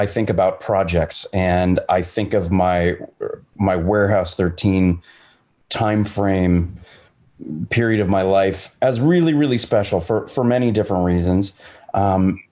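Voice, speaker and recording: A man on a video call panel, talking in an earnest, halting way and fighting to stay composed. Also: lowish voice, a little mellow. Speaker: actor on a reunion panel. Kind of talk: casual panel chat.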